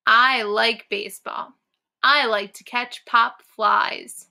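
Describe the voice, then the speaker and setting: Sad hoarse little frog, croaky, slow; woman reader puts it on, slightly raised pitch. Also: steady tone, pushed and bright, full character voice. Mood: cheered up.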